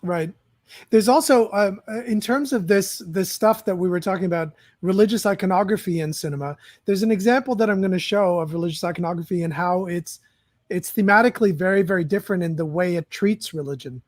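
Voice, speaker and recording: A man hosting a casual conversation about films, speaking in a measured, reflective way and often searching for words. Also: high-pitched, no room sound, clean studio sound. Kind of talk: casual film chat.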